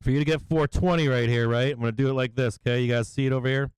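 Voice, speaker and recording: Man, live trading commentary, profane, excitable, smooth resonant voice, dry close sound. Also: medium pitch, very fast, dry recording, poor audio. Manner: profane, excitable, yelling at times; explains chart levels. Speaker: stock market livestream host.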